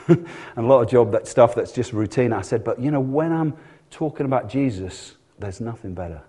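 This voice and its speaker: A man's voice: mid-range voice, lively intonation, normal speed, warm tone, breathy edge. A male pastor preaching a sermon in a church, telling stories and acting out voices in dialogue.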